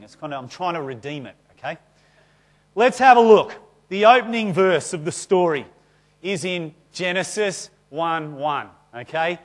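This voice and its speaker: A man preaching to a church congregation. He talks in a loose, conversational way, full of self-deprecating stories. His delivery stays lively and chatty rather than formal. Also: on the high side, moderate pace. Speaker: pastor. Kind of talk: sermon.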